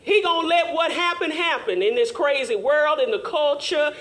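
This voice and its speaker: A woman teaching Sunday school in a fervent, call-and-response preaching manner, rising at times to shouts. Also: sits high, normal speed.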